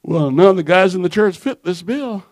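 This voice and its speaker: A preacher acting as a calm pastor who soothes a crying girl with soft, gentle words. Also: high-pitched, normal speed, no echo, studio quality. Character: calm, patient male pastor consoling a girl.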